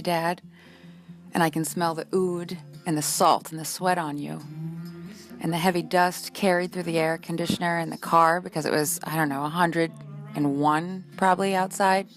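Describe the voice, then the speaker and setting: A woman with a slightly low voice recites spoken-word poetry in an intimate, reflective way. Her delivery is heartfelt and personal, with soft music faintly underneath.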